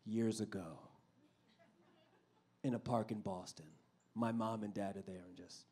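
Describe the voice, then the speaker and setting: A man's voice: on the low side, unhurried, breathy edge. A man from New York City doing a conversational stand-up comedy set live on stage at a club. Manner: animated, conversational with the crowd.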